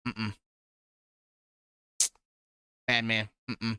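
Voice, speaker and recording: A man's voice: medium pitch, flat delivery, fairly quick, pushed and bright, smooth, dry recording. A young man rambling and joking casually while live-streaming a farming game. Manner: rambling, jokey, laughs often. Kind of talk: casual gameplay chatter.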